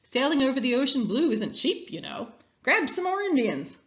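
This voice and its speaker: A woman's voice: high-pitched, big pitch swings, moderate pace, fairly bright tone, dull audio, pitched above the performer's own voice. A woman voicing a greedy, pushy male explorer in a read-aloud story, brash and bossy. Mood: scheming.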